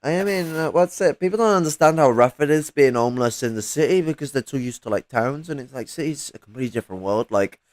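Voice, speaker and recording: A man's voice: medium pitch, lively intonation, quick pace, few pauses, darkish tone, no room sound, low-quality recording. Rambling, sweary man. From English Midlands. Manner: rambling, sweary, laughs often. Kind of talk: casual chat.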